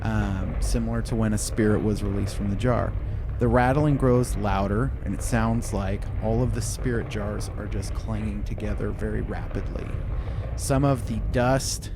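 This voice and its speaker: A man narrating as game master of a tabletop game, joking and relaxed. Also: on the low side, normal speed, background noise.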